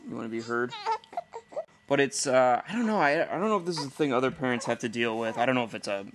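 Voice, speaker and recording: Candid, rambling dad talking casually. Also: male voice, medium pitch, racing, a little hiss or hum. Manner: candid and rambling, chuckling often. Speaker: stay-at-home dad and podcast host. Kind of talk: casual personal monologue.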